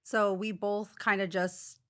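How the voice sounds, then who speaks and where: A woman's voice: medium pitch, little pitch movement, slow. A woman in her thirties, a podcast guest, telling a personal story in a rambling, casual way with lots of fillers. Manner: rambling, many "like" fillers, acts out quotes.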